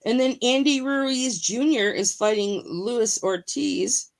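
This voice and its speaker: A woman's voice: on the high side, takes it slowly. A woman guest on a casual livestream chat, talkative and keen on boxing. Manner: talkative, enthusiastic about boxing.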